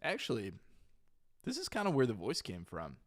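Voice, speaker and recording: A man's voice: medium pitch, wildly swooping pitch, moderate pace, dry recording, studio quality. A young man hosting a livestream in casual chat, rambling, trailing off and correcting himself as he remembers. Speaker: livestream host.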